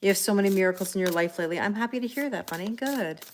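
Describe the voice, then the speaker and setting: A middle-aged woman reading tarot on a livestream, chatting casually, greeting viewers by name and filling pauses with ums and soft laughs. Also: medium pitch, slight background noise. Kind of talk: live-stream casual chat.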